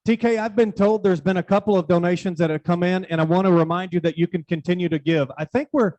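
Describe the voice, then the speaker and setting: Male event host, high-pitched, informal rambling announcements. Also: steady tone, fast talker, a little mellow, muffled recording.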